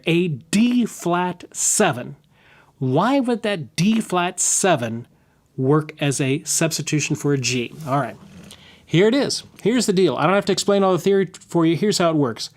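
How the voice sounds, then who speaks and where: A man teaching a guitar lesson in a casual way, explaining chord substitutions and humming the changes as he plays. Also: sits high. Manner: casual, hums and scats the chords while playing. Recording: guitar playing loudly underneath. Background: acoustic guitar.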